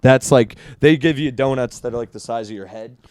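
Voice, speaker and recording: A man's voice: medium pitch, a little fast, darkish tone, clear, resonant tone. A man co-hosting a podcast in casual chat, telling rambling stories with laughs and swearing. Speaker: podcast co-host.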